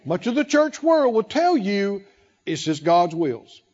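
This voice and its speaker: A man's voice: sits high, sing-song, measured pace, darkish tone, muffled recording. A man preaching a sermon as pastor, emphatic and calling out questions for the congregation to answer.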